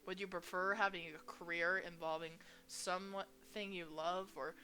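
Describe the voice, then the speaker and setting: A young woman reading a visual novel aloud as a gaming host, expressive and playful as she voices each character. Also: fairly low pitch, normal speed, slight background noise. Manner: expressive, reads each character's lines with shifting energy.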